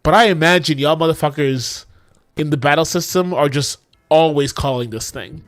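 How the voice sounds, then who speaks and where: A man's voice: on the high side, moderate pace, no room sound, studio quality. A man streaming his game coding in casual talk, exasperated, swearing often and talking to his chat.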